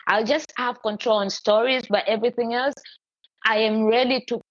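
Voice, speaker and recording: A woman's voice: on the high side, moderate pace, no room sound. Chatty woman with a dull, dry sound. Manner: chatty, animated, many restarts. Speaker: podcast host. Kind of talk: casual live-stream chat.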